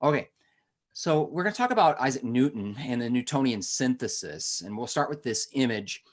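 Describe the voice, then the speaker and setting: A man's voice: medium pitch, expressive, normal speed. A man teaching a history lesson in a conversational way, with asides and self-corrections. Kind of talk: lesson on a recorded webinar.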